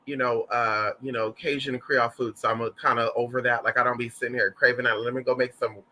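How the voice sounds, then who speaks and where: A man from Southern Louisiana hosting a casual livestream, telling stories in an animated, campy, profane way while reading the chat. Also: mid-range voice, fast. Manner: animated, campy, profane, calls listeners y'all and honey.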